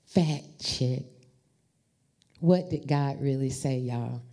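A woman preaching a storytelling sermon, talking to the congregation in an animated, familiar way. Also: extremely low pitch, slow pace. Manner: animated, addresses the congregation as y'all.

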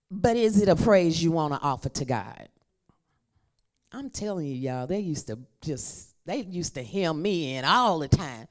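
A woman's voice: low voice, lively intonation, takes it slowly. A woman preaching a conversational sermon and calling on the congregation to repeat her words. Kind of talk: sermon with call and response.

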